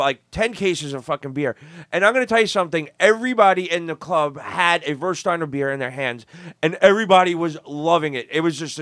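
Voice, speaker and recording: A man's voice: on the high side, no echo. Stammering, foul-mouthed New man. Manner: profane, stammering restarts, loud laughing outbursts. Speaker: podcast host. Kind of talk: casual storytelling chat.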